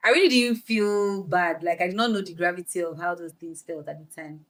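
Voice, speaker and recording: A young Nigerian woman with a Nigerian accent, a guest on a podcast, telling her story in a lively way, slipping into Pidgin phrases and laughing. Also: lowish voice, fairly quick. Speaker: guest actress. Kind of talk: podcast interview.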